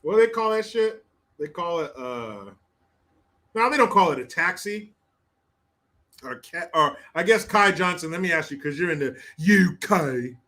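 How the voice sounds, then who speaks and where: A man's voice: fairly high pitch, lively intonation, measured pace, bright, forceful tone. An American man hosting a livestream. He reads chat comments aloud with crude, laughing, mocking banter. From United States. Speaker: host.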